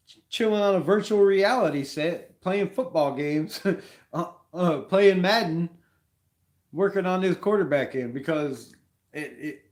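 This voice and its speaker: A man hosting a casual live sports talk stream, rambling and animated, peppering his talk with slang. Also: a little high. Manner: rambling, animated, says "bro" a lot. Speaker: fan show host.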